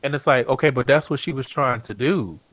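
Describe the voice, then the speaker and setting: A man co-hosting a podcast recap in casual chat, blunt and profane, with animated rants. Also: mid-range voice, a little fast, no echo. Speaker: podcast co-host.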